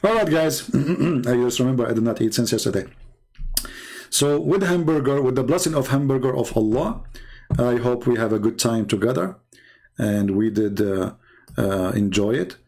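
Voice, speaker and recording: A man hosting a live debate channel, telling a mocking story in a sarcastic, jokey, animated way. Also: medium pitch, normal speed.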